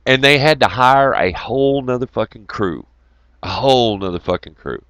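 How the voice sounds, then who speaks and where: A man rambles through crude work stories, laughing at his own punchlines. His voice sits at a middling pitch. The sound is dry and close, with no room echo. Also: animated, moderate pace, fairly bright tone, highs cut off. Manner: profane, rambling, laughs often. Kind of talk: casual rambling storytelling.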